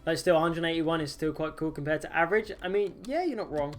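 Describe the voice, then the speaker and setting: A man's voice: a little high, fast, faint music behind. A young man chatting casually on a game livestream, self-mocking and joking, often breaking into laughs. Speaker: streamer.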